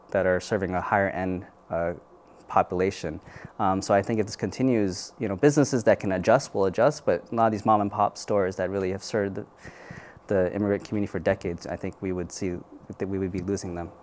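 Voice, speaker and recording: A man, a community organizer guest in a news interview, answering in a measured, thoughtful way with frequent fillers. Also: low voice, steady tone, a little mellow, slight background noise.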